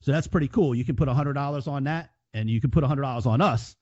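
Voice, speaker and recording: On a dull, lo-fi podcast recording with no room sound, a male co-host chats loosely about sports betting. He speaks quickly in a mid-range, darkish voice, swearing, wandering off topic and starting over a lot.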